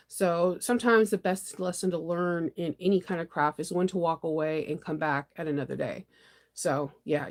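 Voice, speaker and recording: An American woman who runs a sewing channel chats casually during a morning live stream, her low-pitched voice rambling along animatedly. She laughs a lot and now and then bursts into something dramatic.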